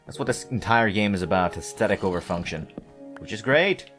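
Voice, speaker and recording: A man's voice: fairly low pitch, expressive, fairly quick, fairly bright tone, soft background music. A man giving casual, meandering let's-play commentary, self-deprecating and full of hesitant restarts. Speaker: gameplay commentator.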